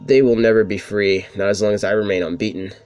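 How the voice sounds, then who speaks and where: A cruel ghost villain who taunts and mocks in a theatrical sneer, as a gamer reads his lines aloud. The voice sits low and carries faint game music behind it. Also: fairly even intonation, fast, darkish tone, smooth, natural voice. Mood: gloating. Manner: mocking, taunting, with villainous laughs. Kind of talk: reading game dialogue aloud.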